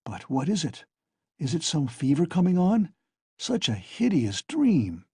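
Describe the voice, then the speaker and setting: A man reading an audiobook, voicing a shaken young man just woken from a nightmare, speaking in a hushed, breathless way. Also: on the high side, huge pitch swings, a little slow, husky, no echo, clean studio sound, pitched above the performer's own voice, exaggerated voice.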